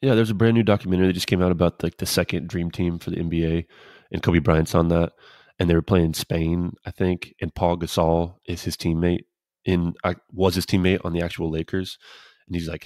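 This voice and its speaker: A man co-hosting a casual podcast, a former pro pitcher telling laid-back, rambling stories. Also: flat delivery, a little fast, a little mellow, dry recording, clean studio sound. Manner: laid-back, rambling anecdotes with quoted dialogue. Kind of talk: casual storytelling chat.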